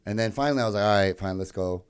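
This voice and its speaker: Young adult male podcast co-host, slightly low voice, easygoing and chatty. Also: racing, clear, resonant tone. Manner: loose, chatty, lots of "like" and "yeah". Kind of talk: casual storytelling chat.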